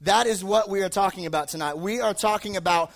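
A man's voice: high voice, quick pace, vocal fry. A young man giving a casual sermon to a live audience, telling a rambling, joking personal story full of fillers. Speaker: youth preacher. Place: live talk before an audience.

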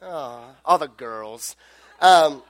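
Young man, high-pitched voice, youth pastor, chatty rambling church talk, dry close sound. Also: animated, very slow, a bit bright, no echo. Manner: rambling, chatty, full of fillers and self-corrections. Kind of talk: casual storytelling sermon.

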